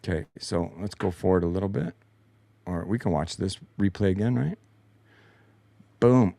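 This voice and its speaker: A man's voice: deep voice, moderate pace, gravelly, long pauses, dark tone, no echo. A man hosting a post-game show, breaking down replays with frustrated, sarcastic and heavily profane commentary from his basement. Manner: frustrated, sarcastic, swears a lot. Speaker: show host. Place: home basement.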